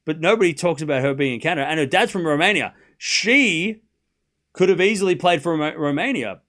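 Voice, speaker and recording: This Australian livestream tennis host talks briskly in a higher-than-average voice. Casual and mocking, he rants with animation straight to his audience in chat.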